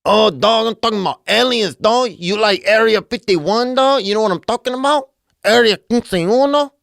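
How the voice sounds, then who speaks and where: A man putting on an excitable young guy who keeps calling people "dog" while raving about aliens. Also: moderate pace, creaky, dry recording, studio quality. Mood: hyped. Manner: high, eager, repeats "dog".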